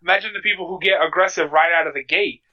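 A man's voice: high-pitched, fast talker, dull audio. A man in casual chat who laughs along with the others and asks them questions.

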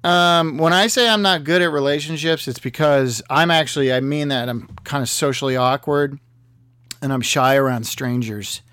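A man giving a comedic, rambling monologue as a vlogger, talking in a dry, halting way with many fillers and restarts. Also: on the high side, fairly bright tone, clean tone, no room sound. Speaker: vlogger answering a magazine quiz.

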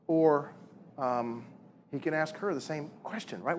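A man in his thirties preaching a sermon on marriage, animated and full of rhetorical questions and repeated words. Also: medium pitch, brisk, slight background noise. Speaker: pastor.

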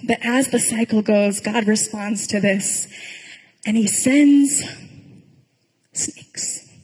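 A pastor giving a sermon in a conversational storytelling way, with dry humor. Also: female voice, mid-range voice, slow, darkish tone, slightly rough, in a large hall, rough recording.

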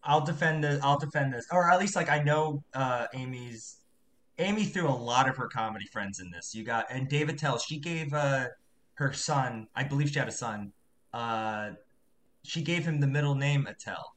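A man's voice: mid-range voice, normal speed, fairly bright tone. A man co-hosting a movie podcast, musing in casual chat with rambling asides. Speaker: podcast co-host.

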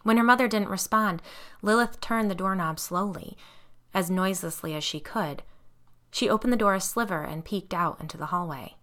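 A woman reading an audiobook in a measured, suspenseful narration. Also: medium pitch, fairly bright tone.

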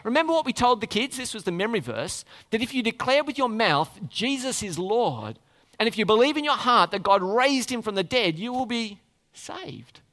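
An animated man preaches a sermon and keeps putting questions to his congregation. His voice sits high and bright, and it rings through a church hall with a long reverb. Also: fairly quick.

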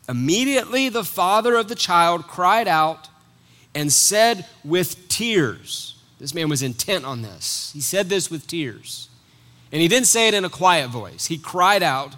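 High-voiced preacher with emphatic swells. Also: male voice. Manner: dynamic, rising to loud emphatic peaks; repeats words while thinking aloud. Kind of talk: sermon.

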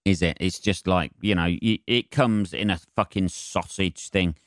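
A man's voice: sits low, moderate pace, no echo, studio quality. A young man hosting a rambling solo podcast, chatty, sweary and self-mocking. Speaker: podcast host.

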